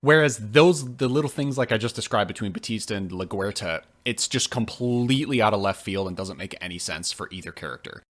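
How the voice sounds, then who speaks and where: A man co-hosting a podcast, chatting casually and ranting with swearing and sudden jumps in pitch. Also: fairly quick, hardly any pauses. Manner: animated, profane ranting with big pitch jumps. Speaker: podcast co-host. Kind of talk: casual podcast review chat.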